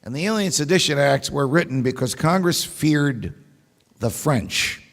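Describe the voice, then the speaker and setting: Here a male keynote speaker, an emphatic storyteller, lectures to a large meeting hall, tossing out rhetorical questions and wry asides. He sounds a little high and expressive, with a measured pace, vocal fry and a fairly bright tone. The room adds long hall reverb.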